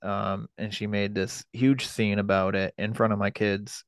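Podcast guest, man in his thirties, low-pitched, halting storyteller who swears a lot, close and dry sound. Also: little pitch movement, no room sound. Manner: halting, profane, frequent fillers and restarts. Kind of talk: personal storytelling.

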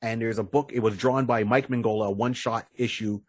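Husky man co-host, animated storyteller, dry close mic. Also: medium pitch, fairly quick, no room sound. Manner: animated storyteller, acts out characters' lines. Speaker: podcast co-host. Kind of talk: casual chat.

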